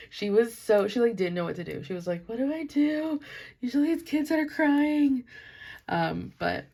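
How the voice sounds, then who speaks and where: A young woman talks casually about her week, her lowish voice full of vocal fry. She chats loosely and says "like" in nearly every phrase. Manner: chatty, frequent "like" fillers. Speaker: planner vlogger. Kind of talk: casual chat.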